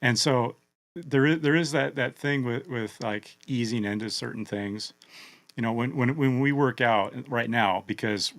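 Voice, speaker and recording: A man with an American accent co-hosting a podcast, talking in a relaxed, joking way with many "I mean" and "you know" asides. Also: mid-range voice, measured pace. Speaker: podcast co-host. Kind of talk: casual podcast chat.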